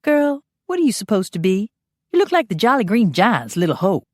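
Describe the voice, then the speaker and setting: A woman's voice: medium pitch, sing-song, brisk, darkish tone, dry recording, studio quality, pitched above the performer's own voice. A woman voicing a cheeky male vampire who talks in a brash, teasing way, in an audiobook.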